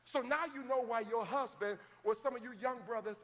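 A man preaching a sermon as pastor of a large church, building to shouted calls to the congregation. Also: extremely high pitch, steady tone, quick pace, hardly any pauses, long reverb tail. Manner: preaching, rising to shouted call-and-response.

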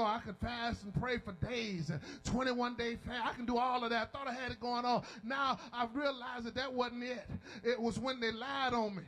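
On poor-quality audio, a man with a very high-pitched voice preaches using call and response, shouting and half-singing at the peaks. He tells folksy stories in plain, colloquial language.

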